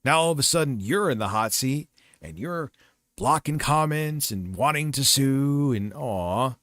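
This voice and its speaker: A man's voice: medium pitch, animated, moderate pace, fairly bright tone, no echo, studio quality. A man hosting a livestream who comments casually, rambling, crude and mocking. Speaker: livestream host.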